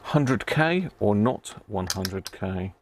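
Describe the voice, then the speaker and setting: A man's voice: fairly low pitch, animated, takes it slowly, a little hiss or hum. A middle-aged man with a Devon accent, hosting a live stream as he repairs a radio, muttering readings to himself and chatting casually with viewers. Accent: Devon English. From Devon, England. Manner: thinks aloud, mutters readings, chats with viewers. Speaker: radio repair livestream host.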